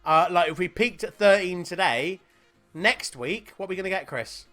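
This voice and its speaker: A man's voice: high-pitched, moderate pace, sharp tone, soft background music. A man with a Northern Irish accent co-hosting a podcast, swearing and laughing through casual banter. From Northern Ireland. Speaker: podcast co-host.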